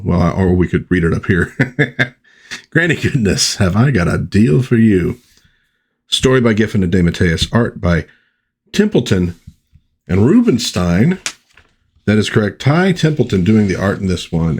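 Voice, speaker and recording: A man talks through an old comic issue in a loose, chatty way. His voice is low and husky, and he often drifts into asides. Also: darkish tone. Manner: chatty, rambling, with asides and fillers. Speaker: comic book reviewer, host. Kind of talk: casual comic review vlog.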